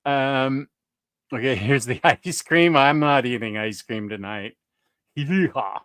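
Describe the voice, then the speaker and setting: A man's voice: mid-range voice, a little slow, fairly bright tone, clean tone, dry recording, studio quality. A man hosting a livestream, greeting viewers in loose, chatty talk with frequent laughs. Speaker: livestream host. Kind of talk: casual chat.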